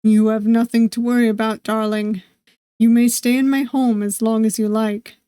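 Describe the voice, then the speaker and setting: A woman voicing a tall, courtly old-world nobleman with a deep, formal delivery and a slight put-on Russian accent. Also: little pitch movement, moderate pace, dark tone, no room sound, studio quality, natural voice. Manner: deep, formal and smooth, calling the listener darling. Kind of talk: game voice acting while reading aloud.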